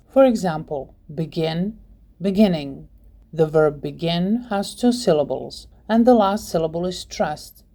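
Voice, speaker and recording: Slow, mellow-voiced woman teaching grammar. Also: lowish voice. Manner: slow, deliberate, listing example words one by one. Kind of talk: scripted lesson narration.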